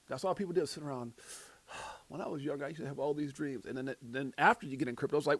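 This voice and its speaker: A middle-aged man hosting a crypto livestream in casual chat, hyped and joking as he gives shout-outs. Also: on the high side, fast, husky, no echo.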